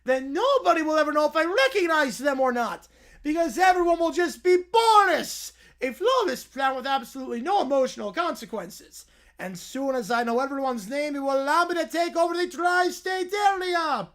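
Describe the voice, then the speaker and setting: Scheming cartoon mad scientist man put on by a woman, high voice, lively pitch, theatrical villain speech. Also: moderate pace. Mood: grandiose. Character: scheming middle-aged male mad scientist.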